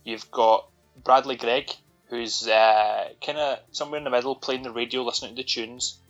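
A man's voice: mid-range voice, steady tone, moderate pace, highs cut off, soft background music. Sweary sardonic Scottish man. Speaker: podcast co-host. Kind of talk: casual film-review chat.

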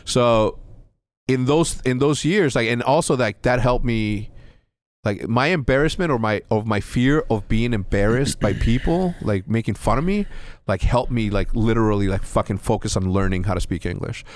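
A man's voice: medium pitch, normal speed. A young man from Mexico telling a story in casual chat, rambling with restarts and a lot of swearing. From Mexico (Juárez). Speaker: podcast guest.

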